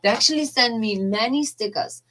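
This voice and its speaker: A middle-aged woman life coach talking in a casual, earnest and halting way, often emotional, with non-native phrasing. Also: a little high, a bit bright, poor audio.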